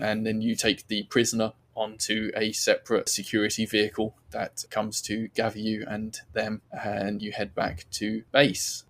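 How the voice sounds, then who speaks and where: Man narrating as game master. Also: fairly low pitch. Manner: relaxed, jokey narration.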